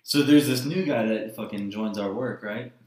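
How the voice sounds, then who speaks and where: A man's voice: on the low side, normal speed, a little mellow, reverberant, slight background noise. A young man hosting a podcast, telling a long story in casual chat, swearing often and wandering between tangents. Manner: profane, rambling storytelling. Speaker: podcast host.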